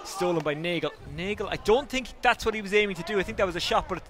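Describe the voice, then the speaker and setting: High-pitched and a bit bright, this Irish man calls live hurling at an outdoor ground, slightly short of breath. He moves briskly through the play with self-deprecating remarks, and the stadium feed is noisy.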